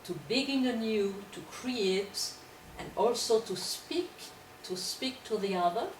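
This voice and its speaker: A woman's voice: a little high, unhurried. A woman lecturer answering questions in an academic discussion, hesitant and repeating words as she searches for her phrasing. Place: lecture hall. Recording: echoey room, distant mic, background noise.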